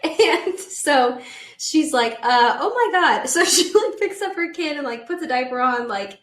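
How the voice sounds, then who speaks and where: Young woman in her twenties, a chatty, animated guest; fairly high voice in a roomy space. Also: measured pace. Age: 20s. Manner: animated, laughing storyteller with many "like"s. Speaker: guest, host's daughter. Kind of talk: casual storytelling chat.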